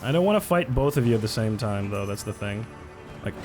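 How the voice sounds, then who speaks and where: A man's voice: fairly low pitch, animated, fairly quick, over music. Man streaming a game. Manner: chatty, swears often, reacts to chat. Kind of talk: casual gameplay commentary.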